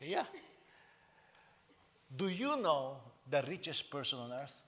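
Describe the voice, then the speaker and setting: A middle-aged male pastor, preaching with a lively, swooping delivery that climbs and dips across each phrase. His voice sits a little higher than most men's. He bantering with his listeners, repeating words and restarting as he goes. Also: slow. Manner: animated, joking with the congregation, frequent repetitions and restarts. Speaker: senior pastor. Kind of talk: sermon.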